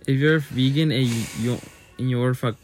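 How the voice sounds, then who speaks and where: A man's voice: medium pitch, steady tone, normal speed, a little mellow, faint music behind. A young man co-hosting a podcast, casually telling a long, profane story about work. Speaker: podcast co-host. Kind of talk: casual chat.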